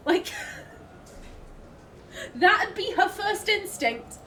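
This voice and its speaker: Bright, high-voiced woman gamer. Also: lively intonation, a little slow, a little hiss or hum. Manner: chatty, swears freely, laughs often. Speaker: let's play host. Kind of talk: casual gameplay commentary.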